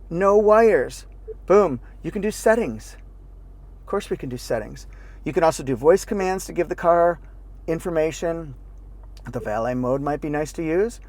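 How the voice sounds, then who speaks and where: A fairly high-voiced man talks through a car review from the driver's seat of a parked car. He's upbeat and playful, throwing in goofy little sound effects as he goes. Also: no echo. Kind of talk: casual car review walkthrough. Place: inside a parked car with the engine and air running.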